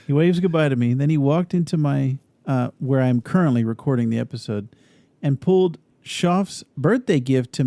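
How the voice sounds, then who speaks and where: Man, podcast co-host, gravelly, mellow, dry close sound, relaxed, steady storytelling. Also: medium pitch, no echo. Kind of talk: casual chat.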